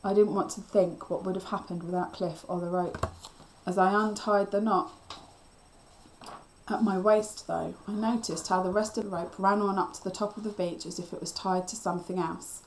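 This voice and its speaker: A woman teacher reading a children's novel aloud with steady storytelling. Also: medium pitch, moderate pace, slight background noise.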